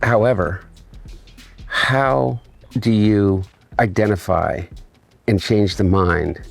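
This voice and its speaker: Man, very deep gravelly voice, casual podcast chat, thoughtful and searching. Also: slow, dry recording, faint music behind.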